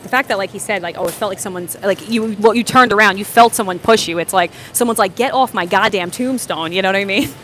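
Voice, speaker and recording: A woman chats on a live stream. She talks at a middling pitch, and her stories wander through restarts and "you know what I'm saying." Faint traffic hums somewhere behind her. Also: fast, few pauses, a bit bright. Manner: rambling storyteller, frequent fillers and restarts. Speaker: livestream host. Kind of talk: casual livestream chat, answering viewer comments.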